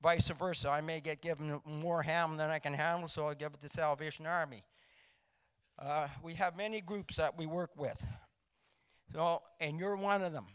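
An older man, telling stories about his charity work to a group in a folksy, halting way with many restarts. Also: a little high, a bit bright, smooth. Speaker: charity volunteer speaker. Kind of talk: storytelling talk to a group.

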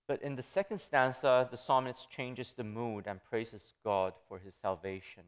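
A man delivering a sermon with a smooth, resonant voice at an ordinary pitch for a man. He reads the scripture passages aloud and pushes his pitch up for emphasis on the quoted lines. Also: fairly even intonation, normal speed. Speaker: preacher.

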